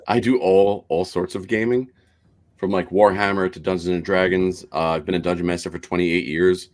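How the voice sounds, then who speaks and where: A man chatting casually on a stream about his gaming projects, telling stories and acting out the people he quotes. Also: moderate pace. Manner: animated storyteller, acts out quotes in higher voices. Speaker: game designer and dungeon master.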